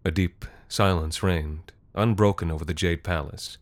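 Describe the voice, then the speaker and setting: A man narrating a scripted story in a measured, deadpan way. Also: deep voice, no echo.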